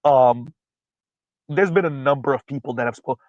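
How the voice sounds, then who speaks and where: A man's voice: medium pitch, moderate pace, no room sound, dull audio. Blunt, emphatic male livestream host. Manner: blunt, emphatic, repeats points; frequent um fillers while recalling names. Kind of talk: casual livestream commentary.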